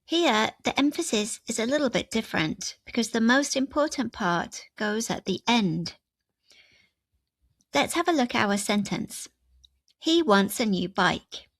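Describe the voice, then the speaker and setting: A woman gives a grammar lesson in a slow, careful voice, building each example sentence step by step. Her voice sits slightly high. The recording is dry and close, with no room echo. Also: lively intonation. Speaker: English grammar teacher.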